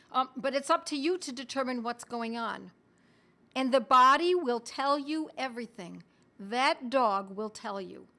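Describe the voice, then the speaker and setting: A woman's voice: a little high, bright, forceful tone. Chatty woman teaching a live stream. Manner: chatty, addresses viewers as "my friends", reads comments aloud; occasional coughs and throat clearing. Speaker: homeopathy educator hosting a live stream.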